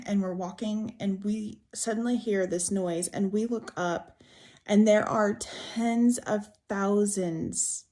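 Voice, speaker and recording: A woman's voice: mid-range voice, darkish tone. A young woman earnestly narrating a ghost story as a storytime, chatty and full of fillers. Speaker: storyteller in a played clip.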